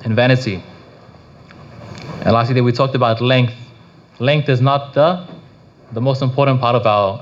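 A man giving a casual devotional talk on prayer, rambling with frequent restarts and filler phrases. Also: medium pitch. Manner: rambling, full of restarts and "you know". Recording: slightly dull lo-fi recording.

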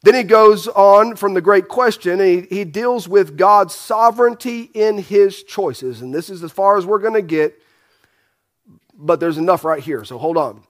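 A man with a high voice preaching a sermon. He talks emphatically, fires off rhetorical questions and often restarts his phrases. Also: expressive, moderate pace, fairly bright tone. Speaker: pastor.

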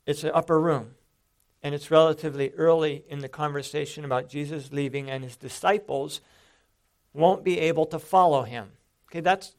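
Gravelly-voiced man teaching a sermon. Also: on the high side. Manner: explanatory, with emphatic rises on quoted lines. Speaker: Bible teacher.

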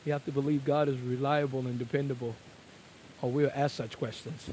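A man preaching a sermon, moving between quiet, conversational asides and loud, emphatic declarations. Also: medium pitch, level tone, fairly quick, slight background noise, rough recording.

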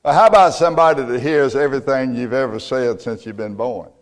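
A man preaching a sermon as pastor, emphatic and building to loud peaks. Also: mid-range voice, a little fast, big-room sound. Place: church.

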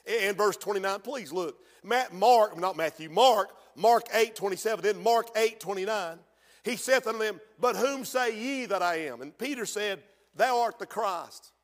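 High-voiced shouting preacher in a hall. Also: male voice. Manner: preaching with shouted peaks and drawn-out quotes. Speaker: pastor. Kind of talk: sermon.

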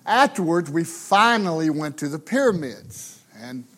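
An American pastor, very animated, tells a comic story from the pulpit in a fairly high, somewhat bright voice. His pace is slow and his manner folksy and conversational, and he keeps checking in with the congregation through tag questions.

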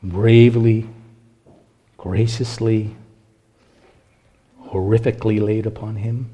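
Impassioned preaching man, hushed to ringing. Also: lowish voice, level tone, slow, breathy edge, dull audio. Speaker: pastor. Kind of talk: sermon.

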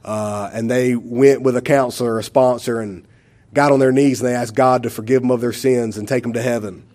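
A man's voice: medium pitch, steady tone, fairly quick, a little mellow. A man, telling a church testimony in a rambling, emotional way with many fillers. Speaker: church member giving a testimony.

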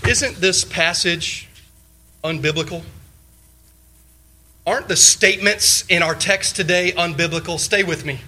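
A man's voice: a little high, sharp tone, rough recording. A male pastor preaching a sermon, firing off rhetorical questions and repeating short phrases for emphasis. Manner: leans on short repeated exhortations.

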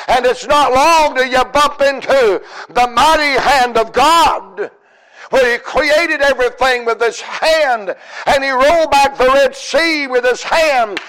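A man preaching a sermon with passion, dropping to hushed murmurs and rising to shouted cries, stretching key words out slowly. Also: very high-pitched, low-quality recording. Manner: draws out words slowly for emphasis.

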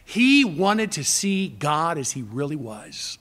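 A man preaches to his congregation, his voice pitched high and ringing bright. He moves through the text with emphatic, dramatic delivery, pausing to act out the words of those he quotes. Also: very animated. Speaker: pastor. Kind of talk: expository sermon.

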